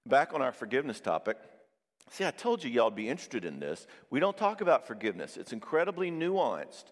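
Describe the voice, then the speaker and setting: Animated man in a reverberant hall. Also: medium pitch, fairly quick. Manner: animated storyteller who acts out both sides of conversations. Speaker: marriage counselor and speaker. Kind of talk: conversational Christian talk with stories.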